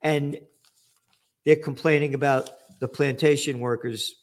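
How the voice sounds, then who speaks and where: A man's voice: fairly high pitch, steady tone, unhurried. An older man hosting an angry, profane commentary monologue, ranting sarcastically about the economy. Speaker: trend forecaster host.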